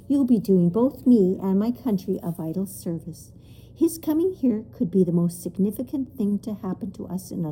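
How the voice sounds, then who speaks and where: A woman voicing a kindly, regal male creature king in a storybook reading, slow and stately. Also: medium pitch, mellow, slight background noise, close to an everyday voice, low-quality recording.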